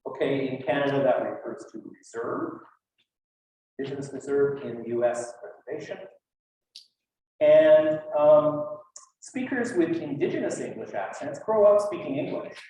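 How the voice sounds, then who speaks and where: A man's voice: on the high side, animated, normal speed, dark tone, far from the mic. A man giving a conference talk in a loose, chatty way, with many fillers and asides. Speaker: lecturer. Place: lecture hall. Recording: echoey hall, from afar.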